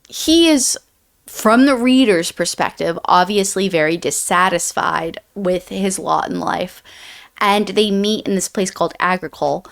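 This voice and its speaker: A woman's voice: medium pitch, a bit bright. A woman co-hosting a book review podcast, summarizing the plot in casual chat, rambling with many restarts and fillers.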